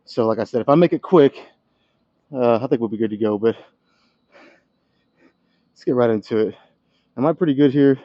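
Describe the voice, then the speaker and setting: A man's voice: mid-range voice, normal speed, long pauses, no echo, muffled recording. A man talking casually to camera in a gym between heavy sets, out of breath, candid and swearing now and then. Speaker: fitness vlogger. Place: gym by the dumbbell rack.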